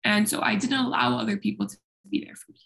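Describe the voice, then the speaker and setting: A woman's voice: medium pitch, fairly even intonation, quick pace, vocal fry, a bit bright. A young woman speaking openly and at length as an interview guest, talkative and self-deprecating. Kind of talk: candid personal conversation.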